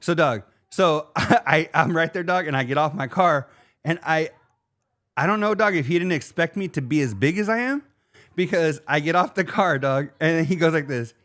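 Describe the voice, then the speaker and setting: A man's voice: fairly high pitch, moderate pace. A man co-hosting a podcast, telling a story in a casual, slangy way and calling people "dog" again and again. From Arizona. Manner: animated, slangy, says "dog" constantly. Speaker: podcast co-host.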